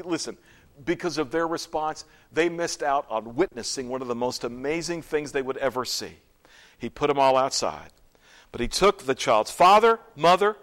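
A man preaching a sermon, acting out scenes and dropping to hushed whispers. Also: high voice. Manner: dramatic, swings from loud to hushed whispers. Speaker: pastor.

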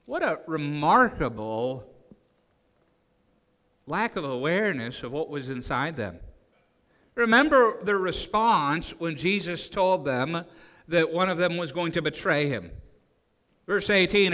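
A man preaching a sermon, acting out quoted voices with sudden rises in pitch and frequent restarts. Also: lively intonation, measured pace, pauses often, bright, forceful tone. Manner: acts out quoted disciples with rising voice, frequent restarts. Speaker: pastor. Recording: long hall reverb.

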